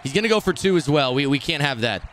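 A young man gives live commentary on a football video game, his voice sitting fairly high and leaping up and down in pitch. He swears freely and flips from low grumbling to loud shouts at the screen. A faint hiss sits under the recording. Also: fast talker. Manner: excitable, swings from muttering to shouting at the game; profane trash talk.

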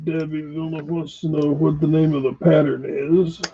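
A man's voice: a little high, little pitch movement, normal speed, narrow, tinny audio. A man relaying viewers' questions to the instructor in a matter-of-fact way.

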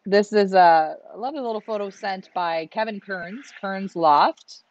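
A woman's voice: mid-range voice, unhurried, darkish tone, dull audio. A woman from Canada hosting a livestream, chatting and reading out viewer comments. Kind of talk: casual livestream chat.

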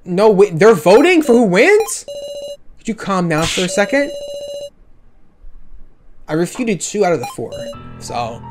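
A woman's voice: mid-range voice, big pitch swings, a little slow, pauses often. A woman giving let's-play commentary, reading game dialogue aloud and swearing in frustrated reactions, over game music. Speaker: gaming streamer.

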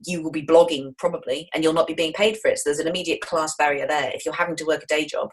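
A middle-aged woman from the English Midlands with a low, deep voice, talking fast and enthusiastically in an interview. She keeps it jokey and animated, often jumping into playful voices mid-story. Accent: Wolverhampton, English Midlands. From England. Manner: enthusiastic, jokey, quick to put on voices in anecdotes. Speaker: author and screenwriter guest.

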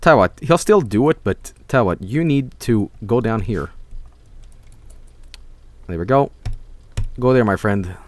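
A young man streaming a video game, excitable and swearing, often yelling at the characters on screen. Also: lowish voice, unhurried, pauses often, no room sound. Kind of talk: gaming livestream commentary.

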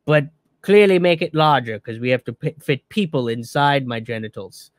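A man's voice: mid-range voice, normal speed, no room sound, studio quality, lightly acted. A man putting on the voice of a bored, pompous billionaire, with a lofty drawl.

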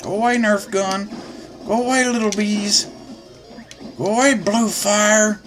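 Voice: medium pitch, fairly even intonation, unhurried, pauses often, fairly bright tone, soft background music. A let's player giving gameplay commentary, swearing and grumbling at the game as they go. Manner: profane, grumbling running commentary. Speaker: let's play gamer.

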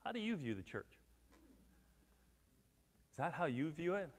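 A man preaching a sermon as pastor, telling stories with acted-out quotes and swinging between hushed and loud. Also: on the high side, big pitch swings, a little slow, in a large hall. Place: church sanctuary.

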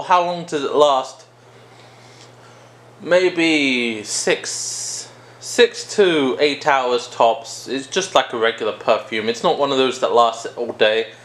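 Man host, high lively voice, chatty rambling perfume-review vlogger. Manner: joking, rambling, self-interrupting. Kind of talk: casual product review vlog.

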